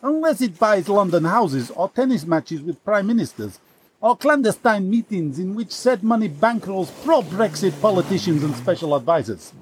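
A man voicing a shady Russian state journalist in a comedy sketch, with a fake Russian accent, broken English and mock-earnest, deadpan menace. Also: high voice, normal speed, a little hiss or hum.

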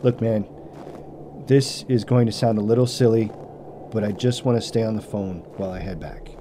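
A man's voice: on the low side, fairly even intonation, normal speed, dark tone, a little hiss or hum, close to an everyday voice. An actor playing a frightened male psychologist lost on a hunt in the woods, stammering nervously as he talks himself down. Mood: anxious. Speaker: hunter. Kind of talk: audio drama acting.

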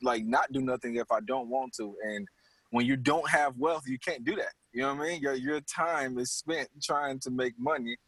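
A man hosting a casual chat, speaking in a relaxed, reflective way. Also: mid-range voice, normal speed, dry recording, rough recording. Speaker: host.

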